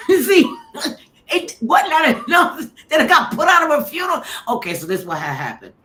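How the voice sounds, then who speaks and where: A middle-aged woman hosting a chat, telling funny stories in an animated way and acting out what people said. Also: sits high, moderate pace. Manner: animated, laughing storyteller who acts out quotes. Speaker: show host. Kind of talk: storytelling chat.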